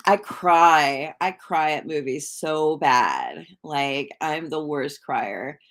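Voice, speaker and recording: On a casual livestream, a woman who hosts and reads tarot chats in a rambling way, full of fillers, and greets viewers in the chat. Her voice is low-pitched and expressive, and she speaks slowly with hardly any pauses.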